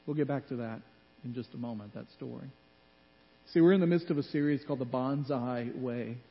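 A male pastor preaches a sermon in a church sanctuary, his voice medium-pitched and brisk. He tells stories with animation and acts out the voices in them, captured in a muffled hall with long reverb.

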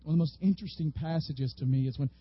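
A man preaching a sermon as a pastor, lively and animated, sometimes acting out the people in the story. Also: on the high side, fast, husky. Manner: animated, acts out biblical figures with rising voice. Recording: dull, slightly lo-fi audio.

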